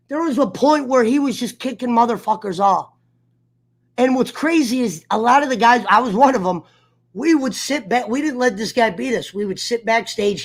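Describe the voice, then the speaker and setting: A man hosting an online sports talk show, telling a heated story in a profane, fired-up rant. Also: very high voice. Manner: profane, fired-up storyteller who mimics others. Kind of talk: casual livestream rant.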